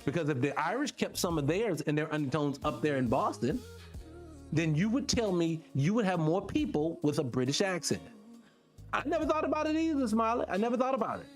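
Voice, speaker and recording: A man's voice: fairly quick, faint music behind. A middle-aged man hosting a radio show, talking casually to listeners with lots of rhetorical questions. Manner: animated, rhetorical questions, pitch jumps when excited.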